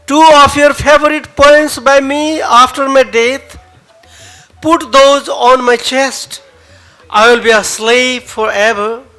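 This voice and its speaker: A man with a Nepali accent performs spoken word poetry at a cafe open mic. His voice sits high and bright, and he delivers each line slowly and dramatically, repeating phrases for emphasis. Faint music plays in the background. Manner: dramatic, emotive recital with pauses and repeated lines.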